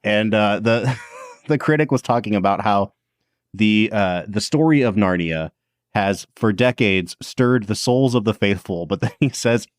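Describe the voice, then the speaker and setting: A man's voice: on the low side, measured pace, no echo, clean studio sound. A man co-hosting a podcast in casual chat, laid-back and playful. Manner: laid-back, playful, reads review passages aloud. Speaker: podcast co-host.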